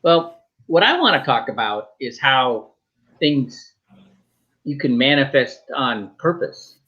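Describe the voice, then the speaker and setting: A man from Michigan, a talk show guest, telling a story in a joking, animated way with quoted dialogue and restarts. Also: medium pitch, slow pace, dull audio.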